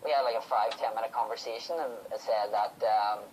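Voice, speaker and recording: A man's voice: on the low side, steady tone, fairly quick, darkish tone, a little hiss or hum, poor audio. A man from the UK hosting a podcast, chatting casually and acting out what people said. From United Kingdom. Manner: chatty storyteller, acts out quotes. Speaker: podcast host. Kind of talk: casual chat.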